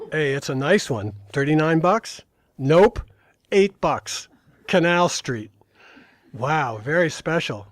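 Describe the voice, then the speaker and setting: A man's voice: fairly high pitch, no room sound. An older man reading aloud from his own memoir at a live talk, in dry storytelling with brief asides to the audience.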